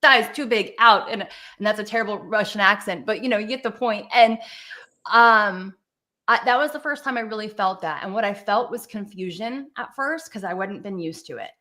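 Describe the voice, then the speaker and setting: A young woman with a Southern American accent, telling stories as a guest on a video-call interview, animated and quick to laugh, with restarts. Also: mid-range voice. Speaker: guest speaker, dance teacher. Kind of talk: conversational interview storytelling. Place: virtual event, video call. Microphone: video call microphone.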